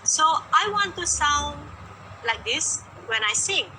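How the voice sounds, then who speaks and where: A woman's voice: sits high, lively intonation, takes it slowly, sharp tone, a little hiss or hum, poor audio. A woman, a vocal coach talking casually and emphatically in mixed Malay and English, asking rhetorical questions.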